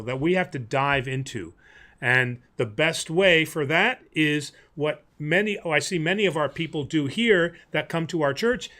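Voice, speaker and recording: Priest host for a live Q&A, slightly high voice, animated and preachy, wry humor. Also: male voice. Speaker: priest host answering viewer questions. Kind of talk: live-stream Q&A chat.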